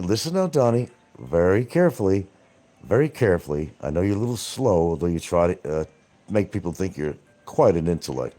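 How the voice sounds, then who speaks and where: A low-voiced man with a husky, dark tone hosts his own livestream. He rants at absent critics and mocks them, hammering the same points over and over with plenty of swearing. His pitch swings widely as he talks. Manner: confrontational, mocking, repeats points, swears. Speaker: livestream show host. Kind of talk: ranting livestream monologue.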